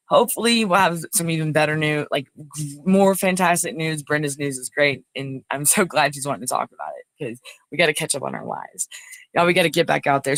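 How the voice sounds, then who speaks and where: A woman's voice: low voice, a bit bright, no room sound. Chatty woman livestream host. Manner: chatty, rambling, addresses viewers as y'all. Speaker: talk show host. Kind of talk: casual livestream sign-off.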